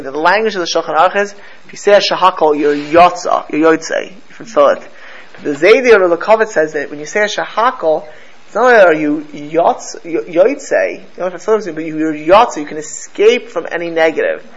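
Animated male storyteller, slightly high voice. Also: a little fast. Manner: animated storyteller with frequent restarts and repeated words. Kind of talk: storytelling Torah lesson. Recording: slightly dull with faint background noise.

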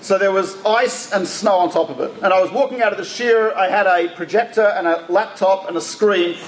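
A man with an Australian accent, a rabbi telling anecdotes in a lively religious talk, often restarting his sentences. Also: sits high, brisk, echoey room, a little hiss or hum. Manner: animated anecdotal storytelling with restarts.

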